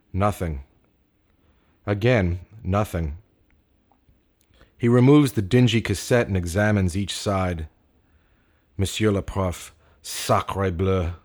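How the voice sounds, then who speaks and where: A man narrating a story in a measured, deliberate way with dry wit. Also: fairly low pitch.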